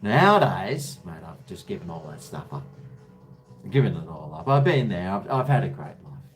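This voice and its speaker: A man's voice: deep voice, very animated, normal speed. A man, chatting casually on his live stream, jokey and calling everyone mate.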